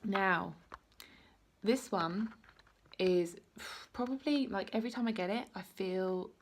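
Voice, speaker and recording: A faint hiss or hum sits under a woman's slow, medium-pitched voice as she does an intuitive card reading in a casual vlog. Chatty and meandering, she leans on "like" and "you know" and speaks encouragingly to the viewer directly.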